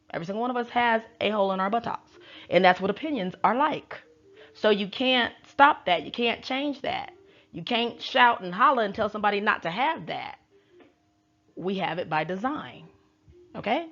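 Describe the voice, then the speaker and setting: A woman's voice: mid-range voice, a bit bright, dull audio. A woman tarot reader giving opinionated casual commentary, emphatic and repeating her points for effect. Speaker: tarot reader and reality show recapper.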